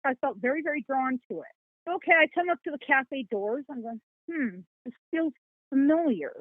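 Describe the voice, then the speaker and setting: A high-pitched woman telling a story in a lively, folksy way and voicing the people in it. She comes through a thin, phone-like line with a dry sound. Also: normal speed, no echo. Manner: animated, folksy storytelling with quoted dialogue and laughs. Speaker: psychic guest. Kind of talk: storytelling in a podcast interview.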